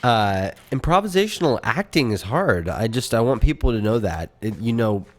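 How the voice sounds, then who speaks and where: A man co-hosting a comedy podcast, talking casually in a halting, joking way. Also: mid-range voice, lively intonation. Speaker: podcast co-host.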